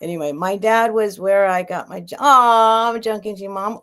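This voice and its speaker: A woman's voice: mid-range voice, moderate pace, hardly any pauses, fairly bright tone. A middle-aged woman hosting a live sale stream, chatting casually, rambling with restarts and answering viewers' comments. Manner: rambling, restarts and trails off, reads and answers chat. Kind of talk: casual chat on a livestream.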